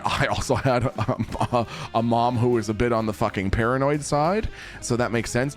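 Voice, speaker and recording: A man streaming from home, telling a long rambling story to his chat in a casual way. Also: medium pitch.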